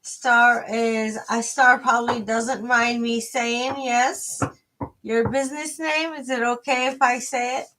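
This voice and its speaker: A woman doing a live tarot reading, her voice sitting a little high. She talks slowly, drifting and restarting with lots of fillers, chatty with her viewers. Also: fairly even intonation, background noise. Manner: hesitant, rambling, many fillers and restarts. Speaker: tarot reader.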